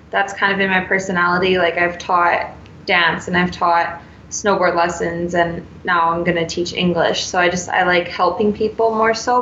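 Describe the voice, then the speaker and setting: A woman's voice: mid-range voice, bright, forceful tone. A woman in her twenties, a student teacher, chatting casually in a talkative, mildly exasperated way. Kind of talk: casual chat. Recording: echoey, dull, slightly noisy room.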